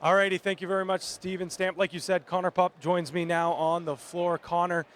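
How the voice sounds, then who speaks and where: A man's voice: sits high, little pitch movement, brisk, fairly bright tone. A man working as a floor reporter at a lacrosse game, asking players friendly, upbeat questions and tossing back to the booth. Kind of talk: sideline interview and colour commentary.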